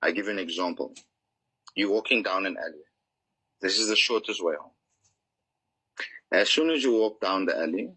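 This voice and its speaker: A man's voice: fairly low pitch, expressive, moderate pace, long pauses, fairly bright tone, breathy edge, poor audio. A man being interviewed as an author, explaining his ideas in an earnest, teaching manner and acting out examples. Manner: earnest, explanatory, acts out inner voices. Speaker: author guest.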